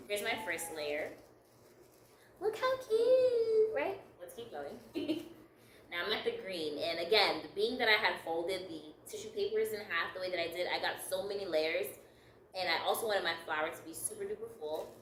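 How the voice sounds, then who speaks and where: A woman's voice: lowish voice, moderate pace, fairly bright tone, echoey room, recorded from a distance, slight background noise, rough recording. A woman leading a step-by-step craft tutorial, upbeat and encouraging, laughing lightly at her own slips. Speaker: craft instructor.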